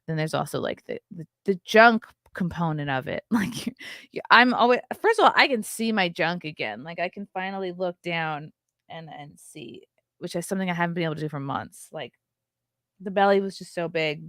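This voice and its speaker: A woman's voice: on the low side, expressive, normal speed, fairly bright tone, dry recording, studio quality. A woman in her thirties hosting a casual livestream, gushing and chatty with lots of fillers. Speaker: livestream host.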